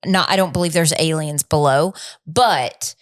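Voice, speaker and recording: Low-voiced woman in casual podcast chat. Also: a little slow. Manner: chatty, wondering, loose. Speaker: podcast co-host.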